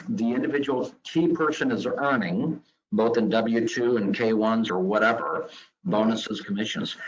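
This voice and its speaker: Man explaining insurance in a webinar. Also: lowish voice. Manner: explanatory, steady. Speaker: guest insurance expert, regional vice president. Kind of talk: answering questions in a webinar. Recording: dull lo-fi call audio.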